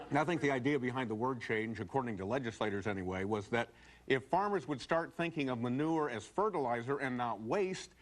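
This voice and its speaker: A man delivering a comic editorial monologue in a mock-earnest, animated manner. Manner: mock-earnest, animated, jumping into high shouts. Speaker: comedy commentator. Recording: noisy TV studio tape.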